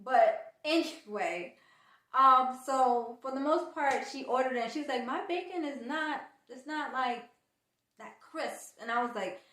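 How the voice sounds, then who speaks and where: A woman's voice: high voice, measured pace, roomy sound. A woman vlogger from the United States telling a travel story in a casual, chatty way, acting out the people she quotes. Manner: chatty, animated retelling with quoted dialogue.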